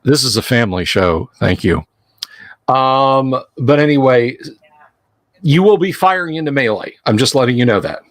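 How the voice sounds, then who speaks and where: A man's voice: mid-range voice, animated, normal speed, no room sound. A man running a tabletop game as game master on a livestream, joking with his players as he narrates the fight. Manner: jokey, tosses in metal references.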